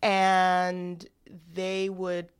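A woman's voice: on the low side, monotone, very slow, clean tone. Rambling woman podcast co-host. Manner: rambling, restarts sentences, candid. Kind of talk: casual podcast chat.

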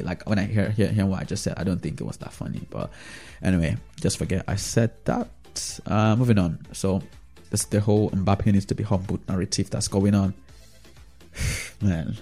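Mellow low-voiced man ranting casually. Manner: chatty and rambling, with many tag questions. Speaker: football fan vlogger. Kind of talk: casual opinion monologue.

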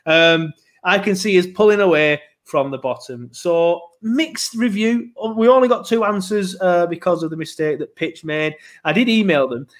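Chatty man, higher voice. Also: moderate pace. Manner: chatty, self-mocking, animated storytelling. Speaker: podcast co-host. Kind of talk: casual chat.

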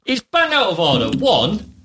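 A man's voice: high voice, huge pitch swings, moderate pace, pushed and bright, slightly rough. A man, a podcast host chatting casually, rambling and laughing as he retells a show. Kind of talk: casual chat.

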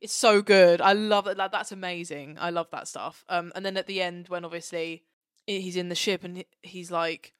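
Animated, sweary young Englishwoman. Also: on the low side, moderate pace, clean tone, no room sound, clean studio sound. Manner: animated, swears a lot, acts out characters. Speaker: podcast co-host. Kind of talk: casual chat.

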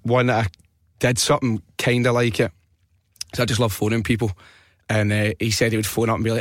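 Laughing Scottish podcast host. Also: male voice, lowish voice, fairly quick, long pauses, no room sound, clean studio sound. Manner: animated storyteller, laughs a lot, swears freely. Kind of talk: casual chat.

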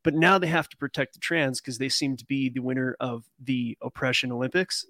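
A man's voice: medium pitch, steady tone, a little fast, bright, forceful tone, dry recording, clean studio sound. A man talking loosely as a podcast guest, rambling through commentary with fillers. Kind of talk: casual live chat.

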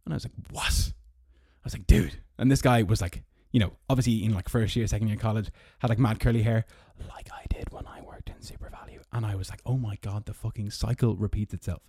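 This young man from Ireland talks fairly quickly in a dark, husky voice, hosting his podcast alone from a parked car. He rambles through stories with sarcastic asides and a squeaky mocking voice. No echo, studio-quality sound.

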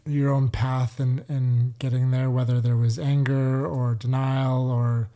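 A man's voice: medium pitch, level tone, measured pace, dark tone. A man hosting a podcast, asking long, rambling questions full of fillers. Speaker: podcast host. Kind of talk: interview questions.

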